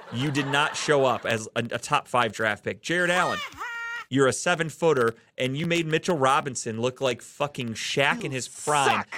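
Male podcast host from the Cleveland area, heated and profane sports rant, mid-pitched voice, dry close recording. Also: fairly bright tone, no echo.

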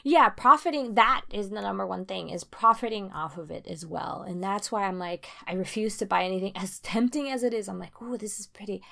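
A woman in casual conversation, rambling and restarting, getting animated when she makes a point. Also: mid-range voice, a little fast, creaky, few pauses. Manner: rambling, self-interrupting, animated when emphatic.

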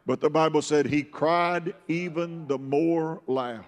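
A fervent older male preacher with a fairly high voice, swinging from quiet storytelling to ringing shouts. His sermon carries through a church with a long reverb. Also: steady tone, slow, few pauses. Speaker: pastor. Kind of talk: Pentecostal sermon.

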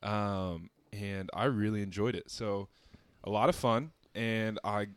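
A man guesting on a casual podcast, talking in a relaxed, friendly way about his photo work. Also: lowish voice, unhurried, clear, resonant tone, no echo. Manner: relaxed, friendly, lots of restarts.

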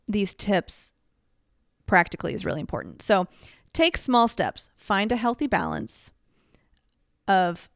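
A woman's voice: mid-range voice, wildly swooping pitch, unhurried, pauses often, no echo, clean studio sound. A woman giving casual advice to the camera, chatty and self-mocking, full of "like" and little laughs.

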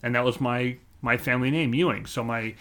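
A man's voice: mid-range voice, steady tone, a little fast, fairly bright tone. A middle-aged man in casual chat who explains things plainly, with a dry, wry humor. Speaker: co-host.

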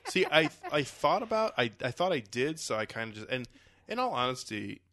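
A man's voice: medium pitch, sing-song, normal speed, pushed and bright, dry recording. Casual rambling male podcast host. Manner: loose, rambling, swears casually. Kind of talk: casual chat.

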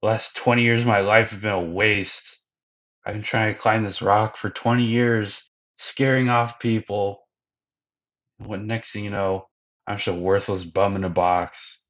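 A man's voice: fairly low pitch, fairly even intonation, unhurried, fairly bright tone. A man voicing a gloomy, self-pitying middle-aged hermit in a whiny, pleading tone. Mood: despairing. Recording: dull lo-fi podcast audio.

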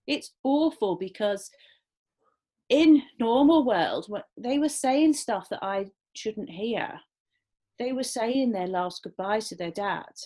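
A woman's voice: a little high, lively intonation, slow pace, dark tone. A woman nurse from Liverpool, speaking in a troubled and hesitant way.

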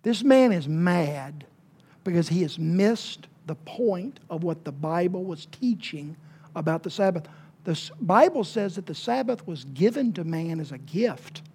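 A woman preacher, giving a sermon with folksy humor and dramatic swings between hushed and loud emphasis. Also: fairly low pitch, slightly rough. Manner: folksy and humorous, with playful asides.

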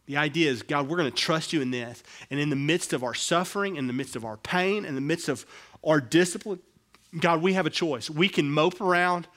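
A middle-aged male pastor preaching a sermon, swinging between quiet, low asides and raised, emphatic passages. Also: brisk.

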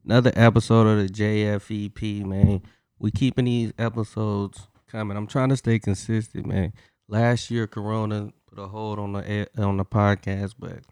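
A man's voice: on the low side, darkish tone, clean tone, dry recording, clean studio sound. A man hosting a podcast, talking in a laid-back, slangy and teasing way. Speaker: podcast host. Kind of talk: casual podcast chat.

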